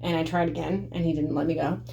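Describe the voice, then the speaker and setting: A woman's voice: deep voice, steady tone, fast talker, creaky, warm tone, slight background noise. Blunt, profane young woman vlogging. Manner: blunt, profane, conversational, addressing viewers as y'all. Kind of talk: candid storytelling vlog.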